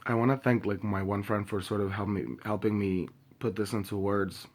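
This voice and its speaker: A young man speaking straight to camera in a personal video, grieving and angry, impassioned and halting with many pauses, swearing openly. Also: on the low side, flat delivery. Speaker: vlogger.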